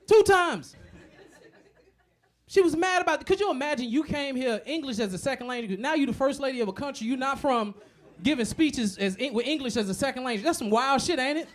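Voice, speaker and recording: A man doing a stand-up comedy set, profane and animated, acting out the voices of other people. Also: very high-pitched, brisk, a faint crowd.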